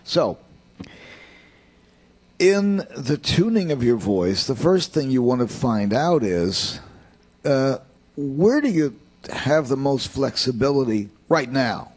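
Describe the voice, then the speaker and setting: A man's voice: medium pitch, animated, slow pace, long pauses, darkish tone, breathy edge. An older man giving a rambling, plain-spoken voice lesson, drifting into anecdotes. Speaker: voice teacher.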